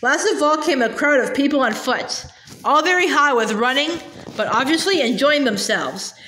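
A woman reading a children's novel aloud in a lively way, voicing its characters. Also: sits high, moderate pace, reverberant, a little hiss or hum. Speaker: audiobook reader.

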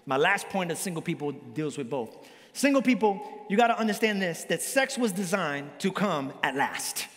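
A male pastor preaching a sermon in a lively, joking way, with big swings in pitch. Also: normal speed. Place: church hall. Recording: long church hall reverb.

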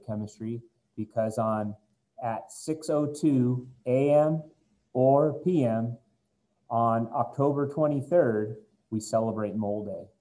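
Mellow-voiced joking chemistry teacher, man. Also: mid-range voice, poor audio. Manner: jokey, chatty, talks straight to students. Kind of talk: recorded classroom lecture.

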